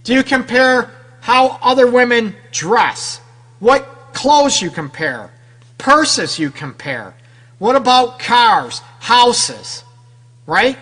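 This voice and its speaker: A relationship counselor hosting a radio advice show speaks slowly in a very high, husky, sharp-toned voice, sounding very animated. He talks straight to women listeners in a direct, conversational way, full of rhetorical questions and the tag "right?"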